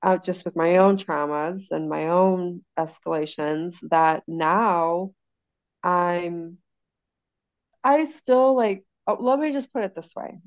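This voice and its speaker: A woman in her forties telling stories in a casual chat, animated and blunt with some swearing. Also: lowish voice, slow, no room sound, rough recording. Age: 40s.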